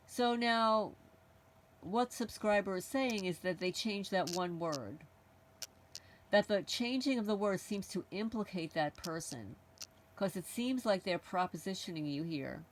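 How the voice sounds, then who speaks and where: A woman hosts her own channel, chatting casually to camera in a blunt, outspoken manner and often circling back to repeat her points. Her voice is mid-range with a darkish tone, at a moderate pace.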